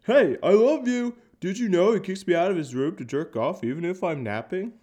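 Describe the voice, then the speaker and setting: An overexcited pet dog gushes and blurts everything he knows, as a man voices him. The voice runs high and loud, and it sounds stuffy from a cold. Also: lively intonation, moderate pace. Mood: excited. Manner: gushing, breathless, blurting.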